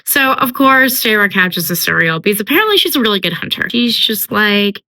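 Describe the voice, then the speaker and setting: Bright chatty young woman summarizing a book. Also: mid-range voice, lively intonation, normal speed, low-quality recording. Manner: chatty, uses filler like "like" and "um". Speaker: book commentator. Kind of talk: casual book summary with character voices.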